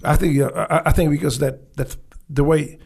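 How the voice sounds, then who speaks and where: A man with a gravelly, dark voice and a Polish accent tells his stories as a guest in an interview. He swears freely, restarts his sentences and speaks broken English. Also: a little high, steady tone. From Poland. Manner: blunt, profane, halting with restarts and broken English. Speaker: guest, former Navy SEAL. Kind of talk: casual storytelling interview.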